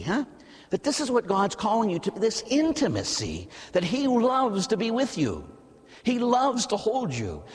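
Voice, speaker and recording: Middle-aged American priest, husky, lively, sermon with a long church echo. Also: male voice, high-pitched. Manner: lively, conversational preaching, asks the audience "huh?".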